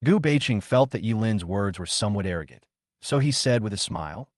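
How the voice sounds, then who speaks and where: A man narrating a comic story recap in a steady storytelling manner. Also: lowish voice, brisk, no room sound, clean studio sound.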